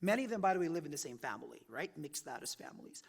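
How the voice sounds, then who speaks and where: A man in his forties from the Philippines, an author giving a chatty campus talk that leans on "right?" and "like", his loudness rising and falling a lot. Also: a little high, big pitch swings, very fast, creaky, husky, in a large hall. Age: 40s. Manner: chatty, often tags "right?" and "like", loudness swings widely. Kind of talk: conversational public talk. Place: university event room.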